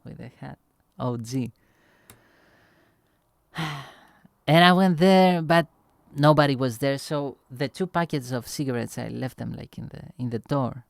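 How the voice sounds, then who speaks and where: Young man for a casual vlog; loose, chatty storyteller, smooth voice, mid pitch. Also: measured pace, pauses often, no echo. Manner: rambling, animated, heavy filler words like "right?" and "boom". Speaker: vlogger.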